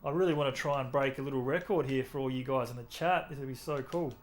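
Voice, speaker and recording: This young Australian man, with an Australian accent, talks fast at a medium pitch while playing a racing game. He's relaxed and chatty with his stream chat, and faint music plays behind him.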